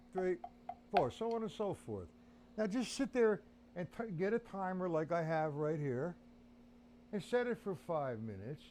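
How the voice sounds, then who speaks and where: A man's voice: fairly high pitch, background noise. Man counting beats in a drum lesson. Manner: counts beats aloud while playing; chatty, addresses viewers as guys. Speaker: drum teacher. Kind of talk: live-streamed drum lesson.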